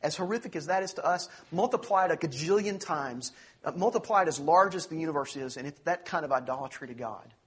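A man with a slightly raised, husky voice preaching in earnest. He leans hard on key phrases, drawing them out slowly. He then rushes through quick asides. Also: fairly high pitch, animated. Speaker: pastor. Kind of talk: sermon.

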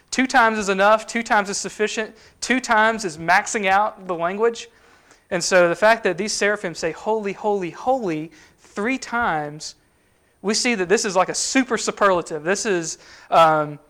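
A man with a fairly high voice preaches in a relaxed, conversational way. He explains a passage step by step, often pausing with fillers and restarting his sentences. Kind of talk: sermon teaching.

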